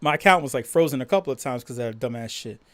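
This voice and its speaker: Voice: medium pitch, rapid-fire. A livestream host chatting casually, reading viewer comments and ranting with lots of swearing and laughter. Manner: profane, laughing, animated rant.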